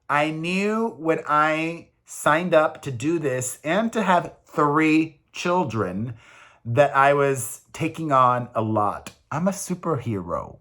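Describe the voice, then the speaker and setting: A man's voice: fairly high pitch, a bit bright. Chatty, emphatic man vlogging. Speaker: vlogger, single father. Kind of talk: casual confessional vlog.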